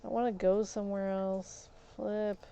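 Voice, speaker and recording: A woman's voice: medium pitch, level tone, unhurried, vocal fry, mellow. A woman streaming a game, chatting casually and ranting in frustration while she plays. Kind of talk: casual gaming livestream chat.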